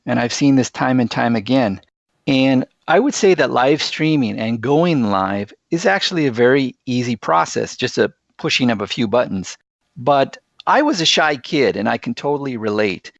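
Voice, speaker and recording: A man's voice: mid-range voice, lively intonation, moderate pace, gravelly, no room sound, dull audio. A man speaking as a podcast guest, earnest and enthusiastic as he tells stories. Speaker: guest, sales executive. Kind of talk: podcast interview.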